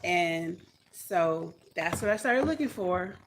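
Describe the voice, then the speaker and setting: A chatty woman talking to her livestream audience with a gravelly, fry-edged voice. She rambles, thinks aloud with plenty of fillers, and pokes fun at herself. A faint hum of ambient noise sits underneath. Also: fairly low pitch, expressive, slow. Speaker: homesteading vlogger. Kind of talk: casual livestream chat reading comments.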